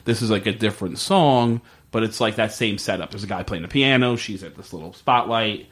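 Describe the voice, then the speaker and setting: A man's voice: fairly low pitch, a little fast. Chatty man recapping a TV episode. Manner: animated retelling with filler words, quotes characters in a lively voice. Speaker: podcast co-host recapping a TV episode. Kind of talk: casual chat.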